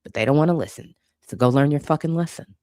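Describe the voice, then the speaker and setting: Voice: mid-range voice, fast talker, darkish tone, no room sound. A channel host giving an impassioned commentary monologue, blunt and profane, hammering points home with repetition.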